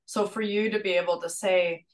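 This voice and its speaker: A woman's voice: medium pitch, steady tone, normal speed, low-quality recording. A woman speaking as a coach in a casual interview, with an earnest, inspirational manner and repeated words. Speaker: rewilding coach interviewed as guest.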